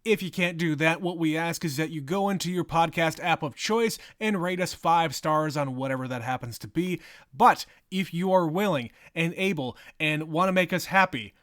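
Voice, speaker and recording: A man's voice: fairly high pitch, normal speed, a bit bright. A man co-hosting a casual podcast, reading listener email aloud and laughing often. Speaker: podcast co-host.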